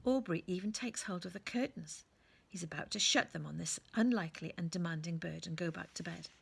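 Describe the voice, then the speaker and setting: Gravelly, husky woman reading a storybook. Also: fairly low pitch, brisk. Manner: gentle, hushed storytelling. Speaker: reader of a children's book. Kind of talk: storybook reading, often hushed.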